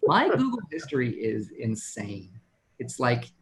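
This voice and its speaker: A man's voice: medium pitch, huge pitch swings, a little slow. A man in his thirties from Texas doing a stand-up set over a video call, self-deprecating and laughing at his own jokes. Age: 30s. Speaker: stand-up comedian.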